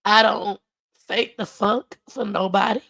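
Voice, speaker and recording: A woman's voice: medium pitch, fairly even intonation, measured pace, creaky, fairly bright tone, no echo. A woman hosting a livestream, talking heartfelt and close to tears as she thanks her viewers, calling them y'all and baby. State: emotional, close to crying. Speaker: livestream host. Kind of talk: emotional casual livestream talk to viewers.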